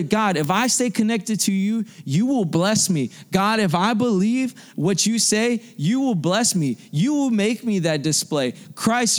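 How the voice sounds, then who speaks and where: A young adult man preaching a sermon to a youth group, fervent and repetitive, restarting phrases for emphasis. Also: high-pitched.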